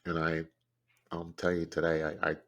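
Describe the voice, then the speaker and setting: Grieving guy with a really low voice, talking it out slow and broken, stops and restarts a lot. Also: monotone, a bit bright. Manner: halting, grief-stricken, with many restarts. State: grieving, close to tears. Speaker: podcast host. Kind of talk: personal storytelling monologue.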